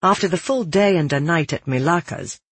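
An audiobook narrator reading first-person fiction at a steady, measured pace. The voice is slightly husky and sits at a middle pitch. The recording is dry and close, with no room sound. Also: no room sound.

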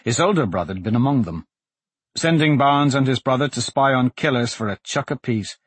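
A man narrating a story as an audiobook reader, expressive and voicing each character. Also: medium pitch, a little fast, husky, no echo. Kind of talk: scripted narration.

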